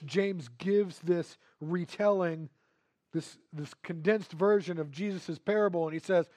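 A male preacher with a notably high-pitched voice delivers a sermon. He moves between soft, hushed storytelling and bursts of emphatic, louder preaching. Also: a little slow.

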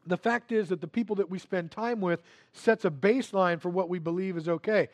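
Male preacher with a high voice, earnest sermon delivery, repeats phrases, drops to hushed asides then builds to loud emphasis, dry close sound. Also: a little fast, no echo. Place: church before a congregation.

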